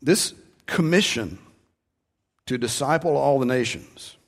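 A male pastor with a husky, medium-pitched voice preaches slowly and conversationally. He climbs to strong emphasis on key points and finishes in soft prayer.

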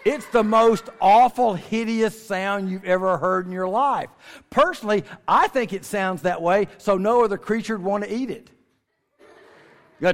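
A man giving a folksy, joking talk to a family audience, stretching words for emphasis. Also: sits high. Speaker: speaker at a creation ministry. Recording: long reverb of a large hall.

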